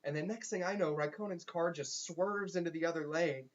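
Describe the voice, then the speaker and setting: A young man, a teacher, telling a funny story casually with animated asides and quick restarts. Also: fairly high pitch. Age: young adult. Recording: dull lo-fi recording.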